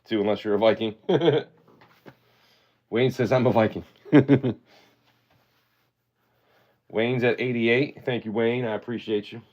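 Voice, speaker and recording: A man's voice: fairly low pitch, fairly even intonation, a little fast, hardly any pauses, dull audio. A man hosting a live-stream auction, chatting in a laid-back way and thanking his viewers often.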